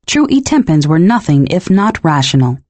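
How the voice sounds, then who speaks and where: A woman reading a novel aloud as first-person narration, measured and expressive. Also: low-pitched, dry recording. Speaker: audiobook narrator.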